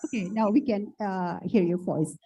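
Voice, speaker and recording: A woman's voice: mid-range voice, moderate pace, a crowd in the background. A woman moderating an online conference, polite and apologetic, often repeating her questions.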